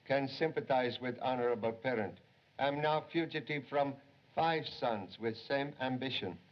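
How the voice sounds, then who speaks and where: An actor playing a calm, wise middle-aged male detective who speaks in terse, clipped aphorisms, in 1930s film acting. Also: mid-range voice, normal speed, lightly acted. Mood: polite. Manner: terse, clipped aphorisms dropping small words. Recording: dull lo-fi 1930s film soundtrack.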